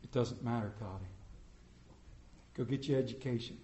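A man preaching a sermon, telling a story that swells loud and then drops to quiet prayer. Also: medium pitch, moderate pace, slight background noise. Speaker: pastor. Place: church sanctuary. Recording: echoey church room.

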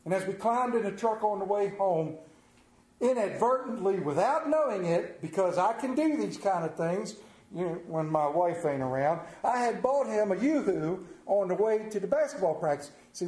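A middle-aged man preaching a sermon, telling a folksy story that moves between hushed tender passages and loud emphatic preaching. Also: high-pitched, animated, moderate pace, echoey room, rough recording. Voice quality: folksy Southern drawl talk with "ain't" and "y'all". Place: church sanctuary.

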